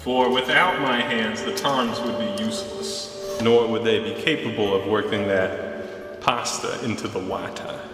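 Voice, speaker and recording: A man hosting a casual cooking vlog in his home kitchen, with goofy, deadpan wordplay. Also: fairly low pitch, a little slow. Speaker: cooking show host. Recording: music playing underneath.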